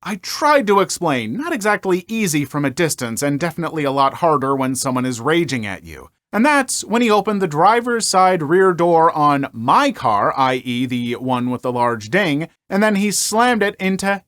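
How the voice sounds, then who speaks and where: Lively wry male story narrator. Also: fairly high pitch, moderate pace, hardly any pauses, no room sound. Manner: wry, conversational, animated delivery. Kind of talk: narrated reading of online stories.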